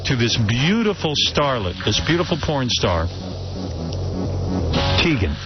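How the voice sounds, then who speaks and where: Animated male radio host barking cues. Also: medium pitch, a little slow, music in the background. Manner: bossy mock director, barking cues. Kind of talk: live radio talk. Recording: dull radio studio with live crowd.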